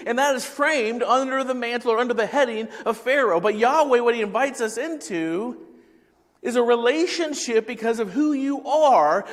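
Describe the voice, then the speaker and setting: Pastor, male, high voice, casual sermon delivery that quizzes the room, hall reverb. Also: a bit bright. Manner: conversational preaching, asks the congregation questions.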